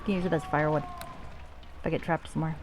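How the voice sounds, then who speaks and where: Woman streamer, lowish voice, dry sarcastic cursing, casual commentary. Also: fairly even intonation, fast talker. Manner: wry and profane. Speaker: game streamer.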